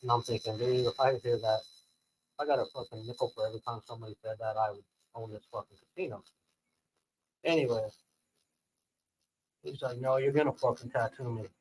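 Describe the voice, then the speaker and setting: A man's voice: medium pitch, fairly even intonation, brisk, long pauses, a little mellow, breathy edge, poor audio. A man working as a tattoo artist, telling a long story in a laid-back way, full of swearing and acted-out quotes. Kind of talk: casual storytelling.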